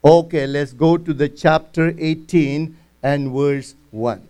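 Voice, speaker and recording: A man's voice: on the high side, fairly even intonation, slow pace, mellow, smooth. A man teaching a verse-by-verse Bible study, earnestly explaining each passage in plain words.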